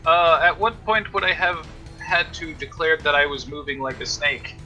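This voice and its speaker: Bright-voiced man cursing at his dice. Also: a little high, steady tone, faint music behind, rough recording. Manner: exclaims and curses at bad rolls, quick asides. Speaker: player. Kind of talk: casual tabletop game play over an online call.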